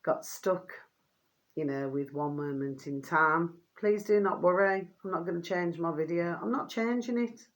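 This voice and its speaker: A woman, chatting casually to her viewers in a rambling, affectionate way, her voice getting hoarse. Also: on the low side, a little slow. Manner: affectionate, rambling, keeps asking "do you see what I mean". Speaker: vlogger.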